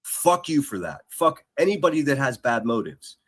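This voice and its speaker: A man's voice: medium pitch, very animated, moderate pace, a bit bright, no room sound. A man on a live stream talking in a heated, defensive, profane way. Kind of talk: casual live-stream chat.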